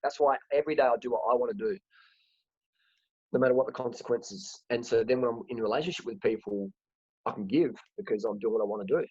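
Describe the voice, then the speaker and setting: Man, husky voice, casual rambling chat, dry dull lo-fi recording. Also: mid-range voice, fast, a little mellow, no room sound. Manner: rambling, frank, repeats words as he restarts. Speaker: host.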